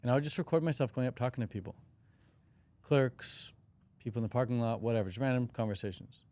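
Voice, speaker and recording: A man's voice: mid-range voice, quick pace, a little mellow, no echo. A young man hosting a casual podcast chat, curious and breezy, full of slang and acted-out example lines. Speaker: podcast host.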